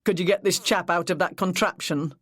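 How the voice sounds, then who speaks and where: An audiobook narrator voicing Stanway, a senior male police officer, who speaks in a brisk, hearty way. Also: mid-range voice, steady tone, a bit bright, no echo, studio quality, close to an everyday voice. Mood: relieved.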